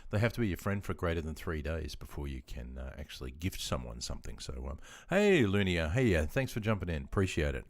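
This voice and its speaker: An Australian man streaming live, chatting casually in a relaxed, rambling way with frequent ums and chuckles. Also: extremely low pitch, fast, few pauses, no room sound.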